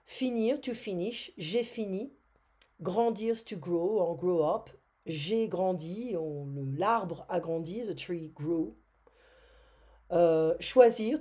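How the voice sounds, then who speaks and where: French lady teaching grammar real slow, warm low-ish voice, a bit husky. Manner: slow and patient, repeats words, many "euh" fillers. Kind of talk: whiteboard grammar lesson.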